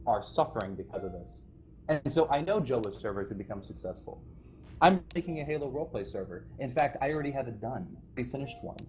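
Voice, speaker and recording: A man with a mid-range, slightly mellow voice talks to players over voice chat as a former game server staff member. His speech about the community he left is impassioned and rambling, peppered with restarts and nervous laughs.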